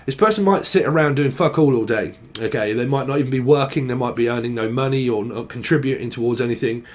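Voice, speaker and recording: Guy doing a tarot reading, rambly, swears a lot, mid-pitch voice. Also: quick pace. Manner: rambling and sweary, thinking aloud. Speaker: tarot reader. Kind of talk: casual channelled tarot reading.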